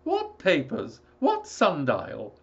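A man reading a story aloud, voicing a frightened, obstinate older gentleman who stammers and blusters. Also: huge pitch swings, slow, vocal fry, dull audio, full character voice. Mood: alarmed. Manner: shrill, stammering outbursts.

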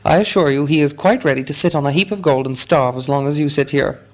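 A man voicing a fussy, polite hobbit gentleman who talks in a prim, businesslike way with a squeaky voice. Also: fast, close to an everyday voice.

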